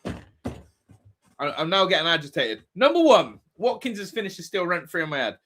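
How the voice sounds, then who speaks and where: A fired-up man hosts a live fan watch-along, his voice leaping around as he yells at the players. His pitch sits a little high, and he swears freely between bursts of commentary. He swings from shouting to grumbling. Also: lively intonation, normal speed, a little hiss or hum.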